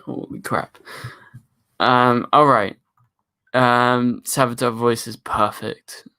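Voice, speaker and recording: A young man talks casually on a live stream, reading out viewer comments and joking with his chat. His voice is bright and forward, at an ordinary male pitch. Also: little pitch movement, slow, clean tone. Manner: chatty, reads viewer comments aloud and jokes around.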